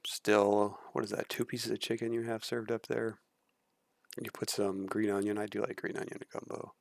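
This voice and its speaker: A man's voice: lowish voice, little pitch movement, normal speed, creaky, no room sound. A man streaming casual reaction commentary, blunt and critical, swearing freely.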